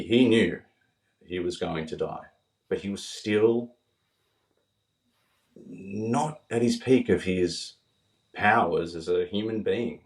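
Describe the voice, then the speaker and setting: A man's voice: deep voice, reverberant, recorded from a distance. A man, a podcast guest telling heartfelt stories in conversation. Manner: earnest, heartfelt, quoting others as he tells stories. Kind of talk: emotional storytelling in conversation.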